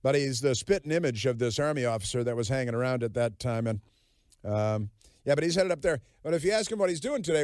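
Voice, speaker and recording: A man's voice: mid-range voice, animated, fast, a little mellow, no echo, clean studio sound. Sarcastic male talk radio host. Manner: sarcastic, mocking, rambling with fillers. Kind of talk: political talk radio monologue.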